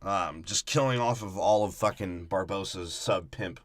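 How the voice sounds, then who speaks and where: A man's voice: sits low, normal speed. A man co-hosting a podcast, breaking down a movie in a crude, profane and mocking way. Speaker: podcast co-host.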